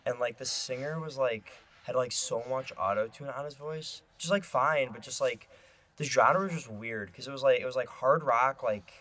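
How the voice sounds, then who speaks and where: A man's voice: medium pitch, moderate pace, bright, forceful tone. A man co-hosting a podcast, rambling casually with a lot of filler words. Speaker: podcast co-host. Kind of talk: casual chat.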